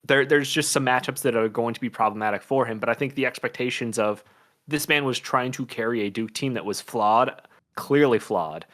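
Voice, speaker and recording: A man's voice: medium pitch, brisk, a bit bright. A man co-hosting a casual sports chat, talkative and analytical, thinking aloud as he goes. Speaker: co-host, draft analyst.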